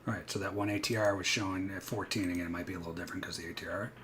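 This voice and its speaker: A man's voice: deep voice, background noise. A man coaching viewers through live futures trades, explaining chart patterns and acting out panicked traders with bursts of energy. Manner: animated, acts out panicked traders, rapid asides. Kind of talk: live trading walkthrough.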